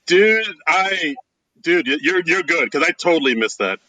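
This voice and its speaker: A man co-hosting a casual podcast, talking loosely and haltingly with lots of "like" and "dude". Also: on the high side, animated, bright, forceful tone, dry recording, low-quality recording. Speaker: podcast co-host.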